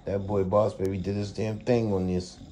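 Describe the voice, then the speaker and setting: A man with a fairly low, level voice talks at normal speed in a laid-back vlog about his dog kennel, shot indoors at home. He rambles to viewers with lots of "y'all" and "man," his tone mellow over a faint hiss or hum.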